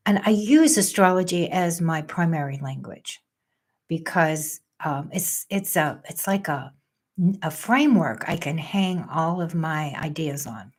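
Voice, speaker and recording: An older woman astrologer chatting casually on a livestream, thinking aloud and joking about her trouble with the technology. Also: low voice.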